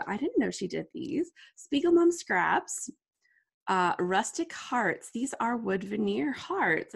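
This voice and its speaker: A gushing, chatty woman in her thirties hosts a live crafting stream. Her voice is medium-pitched with a noticeable gravelly fry, and she talks in a bubbly, easygoing way, sprinkling in plenty of "like.". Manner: bubbly, gushing, lots of "like" fillers. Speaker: scrapbooking livestream host. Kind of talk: casual live crafting chat.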